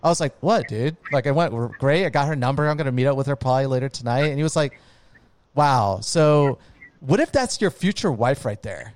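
A man's voice: medium pitch, lively intonation, brisk, no room sound. A man telling a long story in casual chat, rambling with lots of "like" and "dude" and casual swearing.

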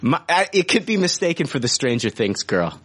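A man's voice: fairly high pitch, sing-song, brisk, a bit bright, husky. A man in his forties hosting a podcast in casual chat, rambling with many fillers and frequent swearing. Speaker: podcast host.

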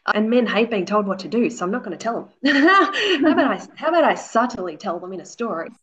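A woman's voice: medium pitch, animated, fast talker. Chatty woman, slightly dull audio. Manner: chatty storyteller, many "you know"s, acts out quotes. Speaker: author guest. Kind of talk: casual interview chat.

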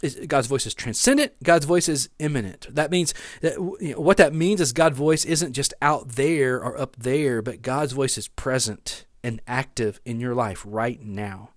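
A man's voice: medium pitch, moderate pace, no room sound, clean studio sound. A man preaching a sermon in an earnest way, repeating key phrases for emphasis and often restarting his sentences. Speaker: pastor.

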